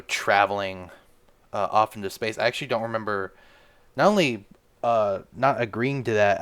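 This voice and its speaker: A man with a low, smooth voice rambles through a jokey podcast monologue, tripping over his words and swearing freely. His tone stays loose and comedic as he riffs on his own nonsense. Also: fairly bright tone. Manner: rambling, stammering, crude. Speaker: podcast host.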